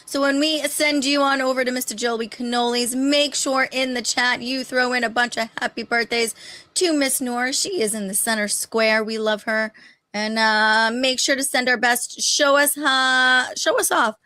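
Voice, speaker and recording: A woman's voice: a little high, steady tone, normal speed, pushed and bright, dry recording. A woman co-hosting a live stream, teasing and reading out chat messages. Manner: teasing, banters and reads chat. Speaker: stream co-host.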